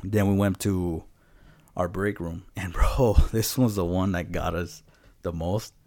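A man's voice: sits low, steady tone, a little slow, darkish tone, no room sound. A man co-hosting a podcast, telling stories in a loose, profane, laid-back way. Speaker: podcast co-host. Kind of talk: casual storytelling.

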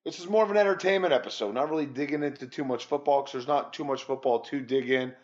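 A man's voice: medium pitch, quick pace, lo-fi sound. A man co-hosting a sports podcast, chatting loosely and casually with occasional swearing. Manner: loose and profane, rambling. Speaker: podcast co-host.

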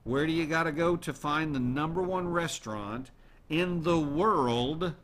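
Guy hosting a talk show, chatty and lively, keeps asking the audience stuff. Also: fairly high pitch, unhurried. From United States. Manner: chatty, animated, asks the audience questions. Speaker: radio show host. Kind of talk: casual monologue to listeners.

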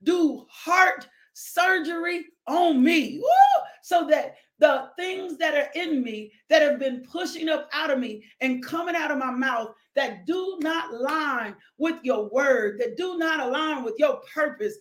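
A woman hosting a devotional podcast, preaching fervently with shouted exclamations and joyful whoops, pausing to sip her coffee. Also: high-pitched. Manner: sips coffee while talking.

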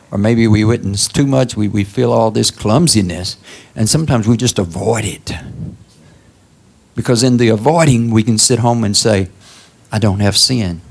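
A man preaching a sermon in a conversational style, prodding listeners with "huh?" and leaping up high for emphasis. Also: gravelly, breathy edge. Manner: conversational preaching with call-outs like "Huh?" and sudden high exclamations. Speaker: pastor.

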